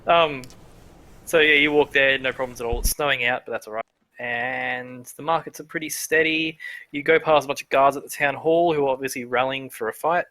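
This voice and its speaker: A man's voice: mid-range voice, fairly even intonation, brisk, pushed and bright. A man narrating as game master of a tabletop game, chatty, with many fillers.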